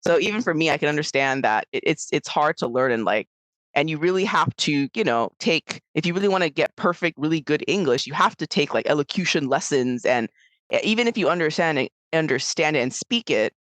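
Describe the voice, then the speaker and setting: An American woman chatting casually on a podcast, rambling and animated as she tells stories, with lots of fillers. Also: sits low, a little fast, no echo. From United States. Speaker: podcast co-host. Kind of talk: casual chat.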